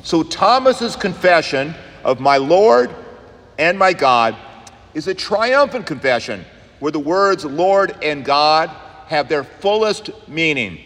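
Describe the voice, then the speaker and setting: A man's voice: big pitch swings, slow, a bit bright. Man preaching with long church reverb. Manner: earnest preaching, rising in pitch and speeding up on key points. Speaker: pastor. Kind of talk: sermon. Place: church sanctuary.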